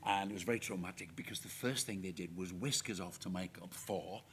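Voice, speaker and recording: A man who acted as a child, telling lively stories as a guest on a live cinema Q&A panel. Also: low-pitched, brisk, slight background noise. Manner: lively anecdotal, laughs as he tells. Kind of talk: storytelling on a panel. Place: cinema stage before an audience.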